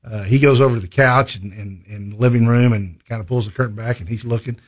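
A man from a state conservation department, speaking in a halting, conversational way with many fillers and restarts. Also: mid-range voice, fairly even intonation. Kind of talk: conversational interview storytelling.

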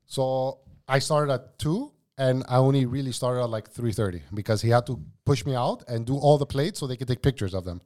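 This man is a former cook who tells animated stories on a podcast. He swears freely and drops "bro" into his sentences. His pitch sits at an ordinary middle level for a man. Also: a little fast. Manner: profane, slangy, says "bro" often; animated anecdote-teller. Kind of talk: casual storytelling chat.

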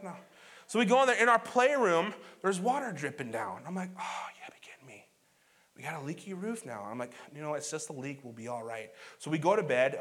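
Pastor, male, thirties, higher voice, chatty storytelling sermon that swings loud to hushed.

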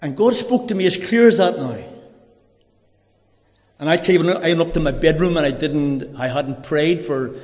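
A middle-aged man giving a personal conversion testimony, telling his story earnestly and haltingly with many restarts. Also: a little high, a little mellow. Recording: long hall reverb.

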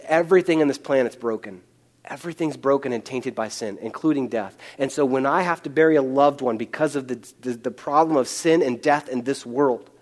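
A man with a mid-range voice preaches a sermon into a microphone as a pastor. He swings between loud, pleading bursts and slow, hushed passages.

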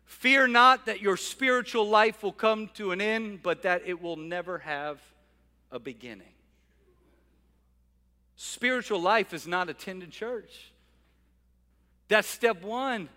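A male pastor preaching an energetic sermon in a church, with repeated call-and-response lines. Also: high voice, slow, long pauses. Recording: reverberant hall with faint music.

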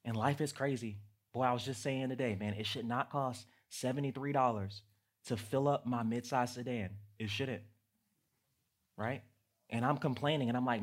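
A man in his thirties preaches a sermon in a husky, slightly breathy voice. He talks casually, like he is chatting with the congregation, then climbs to loud, emphatic peaks. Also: medium pitch, fairly even intonation, moderate pace. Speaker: pastor.

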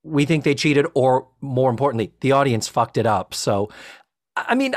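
A man's voice: medium pitch, moderate pace. A man co-hosting a podcast in casual comedic chat, explaining things earnestly and laughing often. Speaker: podcast co-host.

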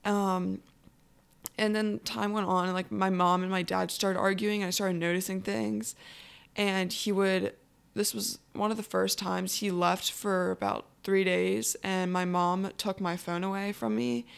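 A teenage girl telling her own personal story in a halting way, full of fillers. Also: medium pitch, level tone, creaky, smooth. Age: teens. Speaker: anonymous guest.

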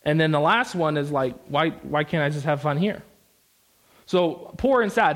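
A young man from the United States preaching a sermon, animated and emphatic, with casual asides and repeated phrases. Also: fairly high pitch, normal speed.

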